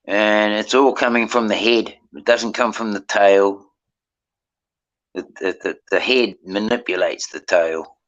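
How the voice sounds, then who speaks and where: A man thinks out loud in a fairly low voice, circling back and restarting his sentences. The stream audio is dull and lo-fi, with the top end muffled. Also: fairly even intonation, unhurried. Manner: rambling, restarts often, reflective. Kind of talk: casual chat.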